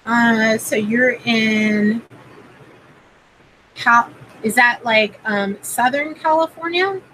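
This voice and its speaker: A woman's voice: on the high side, slow pace, fairly bright tone, slight background noise, rough recording. A woman hosting a casual livestream and doing card readings, rambling with plenty of fillers and greeting viewers by name. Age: adult parent.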